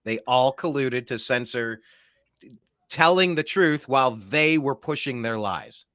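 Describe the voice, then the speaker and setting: Guy hosting a political talk show, bright edgy voice, super dry close mic, ranting and sarcastic. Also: mid-range voice, expressive, unhurried, dry recording. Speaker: host.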